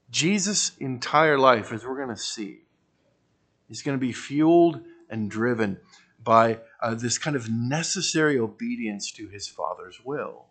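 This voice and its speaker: A man's voice: mid-range voice, animated, measured pace. Conversational man preaching with wry asides. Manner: shifts between emphatic bursts and quiet trailing phrases. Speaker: pastor. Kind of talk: expository sermon.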